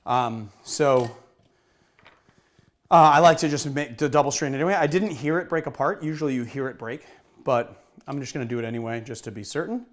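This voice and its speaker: A cocktail show host speaks a little fast in a medium-pitched voice during a casual drink-making lesson. While he mixes and shakes, he chats easily with self-deprecating humor, a little out of breath.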